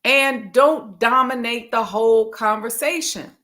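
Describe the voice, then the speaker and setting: A woman's voice: on the high side, unhurried, bright, forceful tone. A woman coaching viewers on a live stream. She talks in a casual, direct way and speaks straight to her audience. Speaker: emotional intelligence coach.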